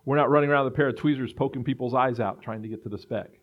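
A man's voice: medium pitch, rapid-fire. A man preaching a sermon in an earnest way, building to emphatic repetition. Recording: dull lo-fi recording.

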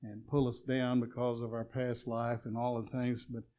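A man preaching a sermon, swinging between loud exclamations and quiet, chuckling asides. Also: medium pitch, level tone, moderate pace, dull audio.

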